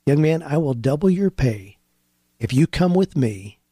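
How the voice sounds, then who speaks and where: A man voicing a wise older rabbi who speaks calmly and wryly. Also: a little high, measured pace, slightly rough, no room sound, clean studio sound. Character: wise older male rabbi, calm and wry.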